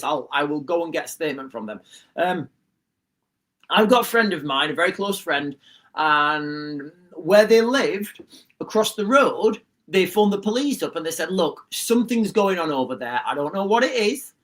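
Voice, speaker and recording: A man's voice: high-pitched, a bit bright. A man, hosting a casual political commentary livestream, repeating himself and calling the viewers guys. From Rotherham, England. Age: 40s. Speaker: livestream host.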